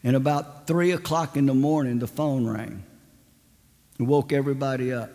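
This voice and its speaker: A man preaching a sermon in a large church, telling a family story in a slow, dramatic way. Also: medium pitch, mellow. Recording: long church reverb.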